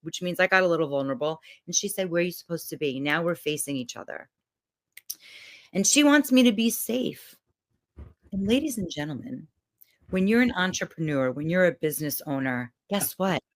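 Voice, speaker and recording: A woman's voice: lowish voice, animated, normal speed. A woman giving a motivational talk, guiding listeners through breathing and visualizing exercises. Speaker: motivational speaker.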